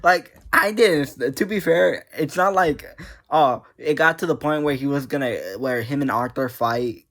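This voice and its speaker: A man's voice: fairly high pitch, measured pace, a bit bright. A man vlogging in a casual, emotional way about a game, laughing often and rambling with restarts. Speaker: gaming vlogger. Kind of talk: casual monologue.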